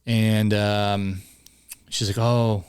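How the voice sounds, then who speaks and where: A man hosting a podcast, chatting casually and telling an animated, rambling story. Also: on the low side, very slow, clean tone, dry recording, clean studio sound. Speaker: podcast host. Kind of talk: casual chat.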